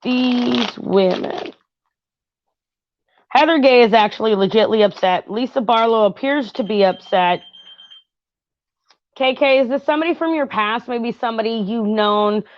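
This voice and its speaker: A chatty woman giving a tarot reading at home, talking in a rambling way with fillers and frequent asides to her viewers. Her voice sits at an ordinary middle pitch. The recording is dry and a little dull and lo-fi. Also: normal speed, no room sound. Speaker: tarot reader and channel host. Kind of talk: casual tarot reading chat with reality TV commentary.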